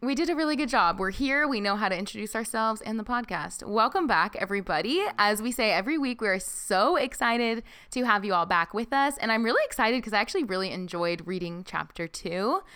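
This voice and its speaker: A woman's voice: medium pitch, lively intonation, brisk, few pauses, pushed and bright, smooth. A woman co-hosting a podcast in casual, bubbly chat, laughing easily. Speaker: podcast co-host.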